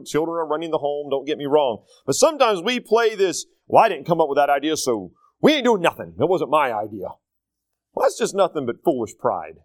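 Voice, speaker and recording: A man's voice: on the high side, dry recording, clean studio sound. A middle-aged man preaching a sermon in a church, conversational and full of rhetorical questions to the congregation. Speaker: pastor.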